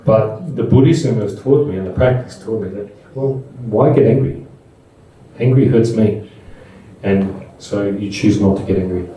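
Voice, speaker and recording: A middle-aged man gives a talk to a live audience, chatty and full of personal stories. His voice is low and mellow. He sounds distant from the microphone in a very echoey room. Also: a little hiss or hum. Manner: conversational and anecdotal, with frequent restarts. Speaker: speaker at a Buddhist seminar.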